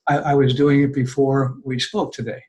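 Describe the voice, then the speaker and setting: An older man, a guest on a podcast, talks in an earnest, conversational way as he explains his advice. His voice sits in a middle pitch and now and then he acts out what people say in livelier tones. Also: flat delivery, normal speed, a little mellow, lo-fi sound.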